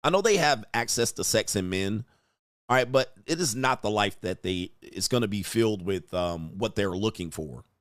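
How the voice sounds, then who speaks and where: A man's voice: on the low side, animated, normal speed, no echo, clean studio sound. A man hosting a crude, mocking reaction commentary, laughing and sneering at the clips he reads out. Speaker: host reacting to online clips.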